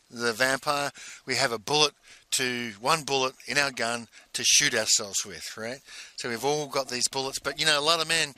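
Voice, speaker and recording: A man telling a personal story in a casual, halting way, full of restarts and repeated words. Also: medium pitch, sharp tone, dry recording. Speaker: speaker recounting a personal exercise.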